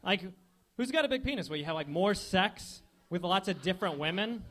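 Young male stand-up, high lively voice, deadpan one-liners, club stage. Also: a little fast. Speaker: stand-up comedian. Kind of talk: stand-up set.

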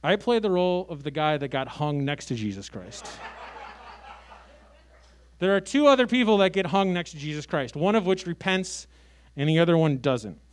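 A man in his late thirties from Chicago doing a brash, sarcastic stand-up comedy set with big swings in loudness. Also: high-pitched, a little hiss or hum. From Chicago, USA. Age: 30s.

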